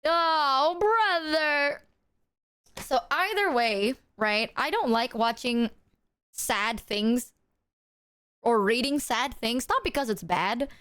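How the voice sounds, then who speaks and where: A woman livestreamer chats with her viewers in an animated, swear-heavy storytelling style. Her voice sits a little higher than most women's. The sound is dry and close, with no room echo. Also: slow, clear, resonant tone. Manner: animated, profane storytelling, talks to chat. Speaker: streamer. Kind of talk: casual livestream chat.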